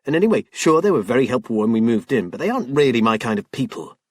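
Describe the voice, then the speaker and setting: A man's voice: medium pitch, very animated, fast talker, no echo, studio quality. A man doing a tense, snappish woman. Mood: irritated. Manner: sharp and impatient, turning tearful.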